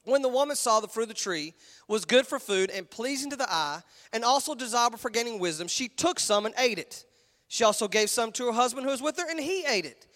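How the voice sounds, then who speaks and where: A Texan man preaches to a packed auditorium in a casual, lively way, slipping into little put-on voices. His voice sits unusually high for a man. The sound rings with a long hall reverb. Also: fairly quick. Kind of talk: sermon. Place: large church auditorium.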